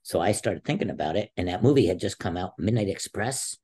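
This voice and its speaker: A man's voice: sits low, expressive, fairly quick, crowd noise. A man in his sixties, a former wrestler and teacher, telling stories as a podcast guest and acting out the people he quotes. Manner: vivid storyteller who acts out quoted voices. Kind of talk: storytelling interview talk.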